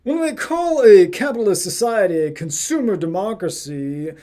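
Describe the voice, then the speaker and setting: A man putting on a pompous, upper-class English accent to read a passage aloud slowly. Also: high-pitched, lively intonation, warm tone, pitched above the performer's own voice. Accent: English, put on. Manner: pompous, slow and drawn out. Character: hoity-toity upper-class English gentleman reader.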